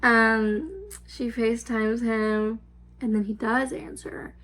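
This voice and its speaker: A woman's voice: on the high side, level tone, slow pace, fairly bright tone. A woman in her twenties telling a storytime vlog, rambling and filler-heavy, swearing freely. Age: 20s. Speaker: vlogger. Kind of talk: casual storytime.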